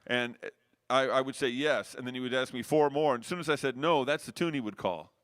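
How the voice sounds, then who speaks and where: Speaking a little fast in a mid-range, slightly bright voice, the guest is a middle-aged male jazz saxophonist spinning loose, anecdotal stories with frequent restarts. It's a casual storytelling interview, recorded dry on a close mic.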